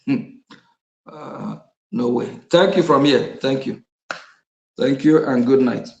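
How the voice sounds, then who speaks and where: A man's voice: mid-range voice, slow pace, creaky, darkish tone, reverberant, dull audio. A man giving an impassioned political speech, repeating his points with bursts of laughter. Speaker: activist speaker.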